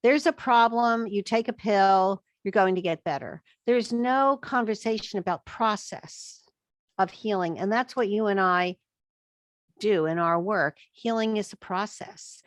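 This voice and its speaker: A guest expert on chronic illness, a woman, talks in a podcast interview with emphasis, dramatizing what she thinks to herself. Her voice sits at medium pitch and her pace is unhurried. The recording is dry.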